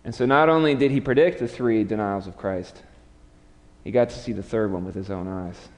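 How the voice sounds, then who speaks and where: Somewhat low and a little mellow, this preacher's voice moves at a moderate pace with a long reverb tail. His sermon tells the story dramatically, acting out the people's words in a raised voice.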